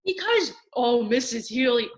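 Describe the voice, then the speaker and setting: Teen girl, high school senior, casual chat; upbeat, animated storyteller with a fairly high voice. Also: unhurried. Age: late teens. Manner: animated storyteller, often raises her voice. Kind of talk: casual chat between classmates.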